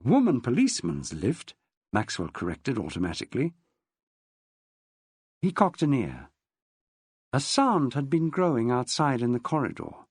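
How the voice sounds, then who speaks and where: Expressive male audiobook narrator. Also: mid-range voice, unhurried, long pauses, slightly rough, no room sound, studio quality.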